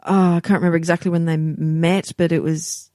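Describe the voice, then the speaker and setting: A woman co-hosting a podcast, talking about books in an animated, emphatic way, often repeating words for stress. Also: lowish voice, brisk, no echo, clean studio sound. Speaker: podcast co-host. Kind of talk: casual book discussion.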